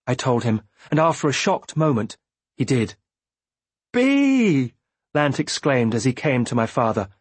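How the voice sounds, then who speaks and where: Husky-voiced male audiobook narrator. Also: medium pitch, no echo. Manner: measured, first-person storytelling. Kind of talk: scripted narration.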